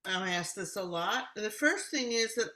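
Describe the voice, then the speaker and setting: A woman's voice: medium pitch, expressive, normal speed, pushed and bright, rough recording. A middle-aged woman, a communication coach, explaining in casual conversation and acting out example dialogues.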